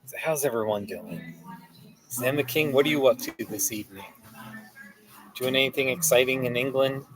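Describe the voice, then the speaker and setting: A man with a medium-pitched voice hosts a casual livestream from inside a Starbucks, speaking at a moderate pace. He rambles and answers viewer comments aloud over a noisy background of cafe music.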